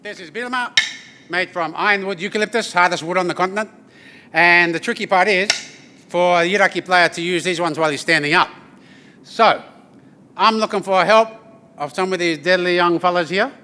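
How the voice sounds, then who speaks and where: A man, telling stories and teaching didgeridoo to a live audience in a lively, joking way, checking in with the crowd. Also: high-pitched, fairly quick, background noise. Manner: lively, joking, addresses the crowd with "yeah?" tags. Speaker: didgeridoo performer. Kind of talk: storytelling performance to an audience. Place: event venue with an audience.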